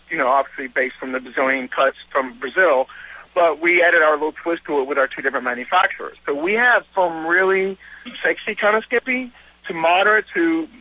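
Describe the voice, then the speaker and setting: A man's voice: on the high side, sharp tone, husky, no echo, poor audio. A man with a Southern US accent from North Carolina, a guest on an interview, talking eagerly in a rambling way full of restarts and repeated words. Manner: eager and talkative. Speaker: guest, swimwear designer and fitness trainer. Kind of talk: casual interview chat.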